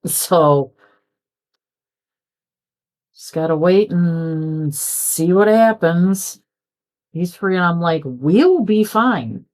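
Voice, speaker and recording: A woman's voice: fairly low pitch, fairly even intonation, drawn-out words, long pauses, darkish tone. A middle-aged woman chatting casually while crafting, rambling from story to story and acting out what people said. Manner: chatty, rambling, acts out quoted dialogue. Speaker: crafting vlogger.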